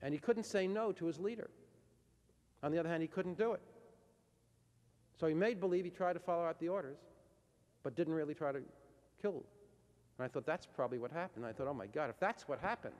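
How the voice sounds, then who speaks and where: A man's voice: fairly high pitch, brisk, long pauses, darkish tone. A man giving a university lecture, telling events as a dramatic storyteller who acts out quoted dialogue. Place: lecture hall. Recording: reverberant lecture hall, old tape.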